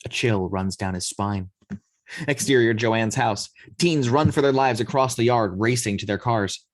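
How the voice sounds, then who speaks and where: A man narrating the action lines of a screenplay read-through in a steady storytelling manner. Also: medium pitch, measured pace, no room sound. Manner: steady storytelling, occasional slips. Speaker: narrator reading action description.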